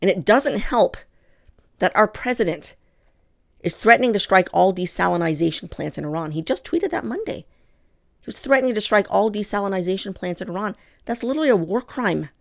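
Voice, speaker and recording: A woman's voice: medium pitch, animated, brisk, gravelly. A woman hosting a political commentary show, talking straight to her listeners with strong feeling and heavy emphasis. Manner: impassioned, emphatic, addresses listeners as "people". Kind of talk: commentary monologue to camera.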